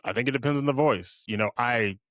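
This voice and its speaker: A young man with a deep voice, co-hosting a podcast in a laid-back, joking casual chat. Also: fairly quick, a bit bright, no echo, clean studio sound. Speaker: podcast co-host.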